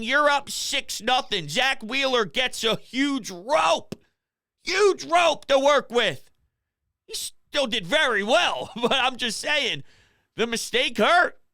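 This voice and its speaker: Gravelly, bright-voiced male sports host. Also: no room sound, clean studio sound. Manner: dejected, low-key venting. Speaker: sports talk show host. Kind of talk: call-in sports talk show. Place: home office.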